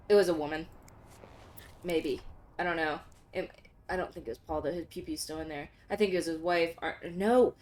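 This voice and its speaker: A woman streaming a game in casual commentary, excitable, with gasping outbursts that drop into mutters. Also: fairly low pitch, unhurried, long pauses. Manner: excitable, gasping exclamations, swings between loud outbursts and mutters. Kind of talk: casual let's-play commentary.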